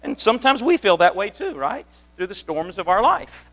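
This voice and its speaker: A man's voice: sits high, sing-song, normal speed, fairly bright tone, faint music behind. A man preaching a conversational sermon as a pastor, telling the story in a chatty way with many restarts. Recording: long reverb of a hall.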